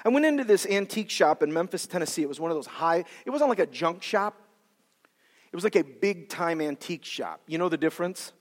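A male preacher giving a sermon in an animated, dramatic way, acting out quotes with different voices. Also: on the high side, fairly quick. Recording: long reverb of a large hall.

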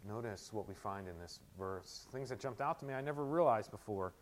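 A man preaching a sermon, moving between quiet, close teaching and loud, emphatic proclamation. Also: fairly low pitch, lively intonation, brisk. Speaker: pastor.

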